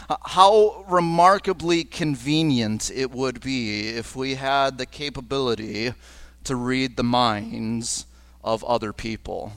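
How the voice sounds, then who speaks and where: A man preaching a sermon as pastor at a church service, earnest and slowing down on key phrases. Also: mid-range voice, fairly bright tone, no echo. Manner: earnest, with slowed emphatic phrases. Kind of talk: liturgical sermon.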